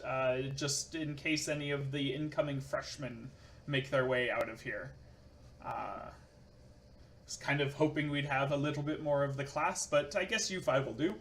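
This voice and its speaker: A man voicing a gruff adult male teacher who hunts monsters, talking offhand and practical, close to his own voice. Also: fairly high pitch, a bit bright. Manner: offhand, practical instructor talk.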